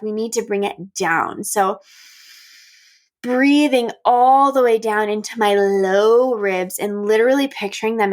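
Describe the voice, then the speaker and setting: A middle-aged woman hosting a podcast, talking calmly and gently as she guides the listener through breathing practices. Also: medium pitch, creaky. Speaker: podcast host. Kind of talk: reflective solo podcast talk.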